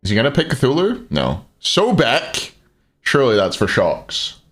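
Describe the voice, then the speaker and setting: A man's voice: mid-range voice, huge pitch swings, measured pace, a bit bright, faint music behind. A man casting a live esports stream, mixing game commentary with joking banter with his viewers. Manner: joking, chatty banter with chat. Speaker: esports caster and stream host.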